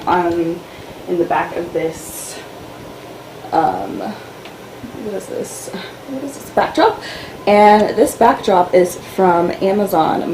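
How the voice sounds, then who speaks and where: A woman's voice: on the low side, darkish tone, a little hiss or hum, poor audio. A woman vlogger giving a casual tour of her home office and filming room, chatty and loose with lots of fillers. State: out of breath. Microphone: camera-mounted mic.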